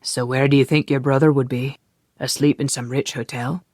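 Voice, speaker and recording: A narrator voicing a dry-humored young Scottish man on the run, who speaks in a wry, low and understated way. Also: little pitch movement, normal speed, darkish tone, no echo, lightly acted.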